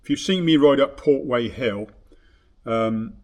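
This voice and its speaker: A man's voice: medium pitch, unhurried, darkish tone. Rambling man reminiscing in his shop. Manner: rambling with many fillers and restarts, acts out quoted dialogue. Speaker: bike shop owner and vlogger. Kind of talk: casual reminiscing vlog.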